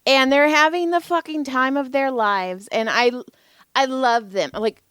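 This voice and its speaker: A middle-aged woman co-hosting a podcast, chatting casually and telling animated stories, slipping into voices. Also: high voice, measured pace. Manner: animated storyteller, mimics voices. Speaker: podcast co-host. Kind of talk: casual chat.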